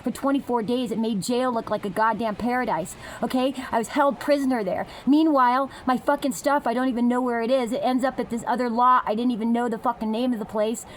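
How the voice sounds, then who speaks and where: A woman's voice: fairly high pitch, fairly even intonation, slight background noise. A woman delivering an angry, agitated monologue full of swearing, her sentences tumbling over each other. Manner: agitated, heavily profane, fast tumbling sentences. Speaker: vlogger.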